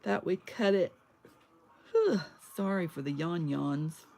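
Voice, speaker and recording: A slow-talking woman chats casually with her viewers while she works on a craft kit at home. Her voice has a gravelly edge and swings widely in pitch. A faint hiss sits under the recording. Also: lively intonation, darkish tone. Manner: chatty, talks to herself while working. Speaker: crafting livestreamer.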